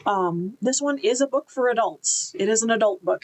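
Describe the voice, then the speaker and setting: A woman's voice: mid-range voice, a little fast, hardly any pauses, low-quality recording. A woman giving an enthusiastic, chatty book review, with casual fillers and restarts.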